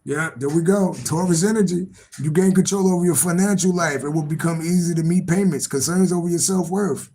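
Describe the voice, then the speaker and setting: A man's voice: a little high, a little fast, creaky, hardly any pauses, warm tone, rough recording. A man doing a casual live-stream tarot reading, rambling and repetitive, swearing freely and laughing to himself. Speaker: tarot reader.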